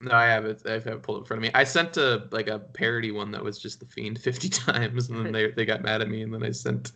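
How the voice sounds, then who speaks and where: A man's voice: lowish voice, little pitch movement, fast, vocal fry, sharp tone. A man co-hosting a casual podcast, rambling and often breaking into laughter mid-sentence. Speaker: podcast co-host.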